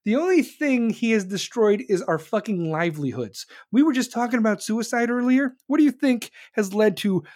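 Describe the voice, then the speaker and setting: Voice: mid-range voice, animated, normal speed, few pauses, darkish tone. An American host ranting about politics to viewers, blunt and sarcastic, with heavy swearing. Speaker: online show host. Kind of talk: profane political rant to viewers.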